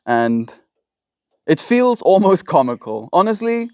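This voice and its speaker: A man's voice: high-pitched, big pitch swings, takes it slowly, smooth, no echo, clean studio sound. A man hosting a casual livestream, ranting in an exasperated, rambling way into a phone. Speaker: livestream host. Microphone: phone in vertical livestream.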